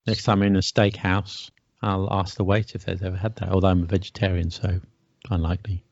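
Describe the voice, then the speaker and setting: A man's voice: sits low, little pitch movement, fairly quick, vocal fry, a little mellow, no room sound. A British man co-hosting a casual chat, musing aloud and answering with questions back. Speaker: podcast co-host. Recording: dry, dull lo-fi audio.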